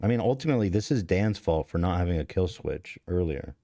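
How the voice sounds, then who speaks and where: Deep-voiced man telling a rambling story. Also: expressive, fairly quick, dark tone, no room sound, studio quality. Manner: rambling, profane, self-interrupting. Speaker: podcast host. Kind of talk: casual confessional storytelling.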